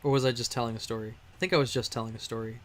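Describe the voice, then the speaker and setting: A man's voice: medium pitch, steady tone, racing. A man from Texas, streaming a game and telling a rambling story with fillers and chuckles. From Texas, USA. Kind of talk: casual storytelling while playing a game.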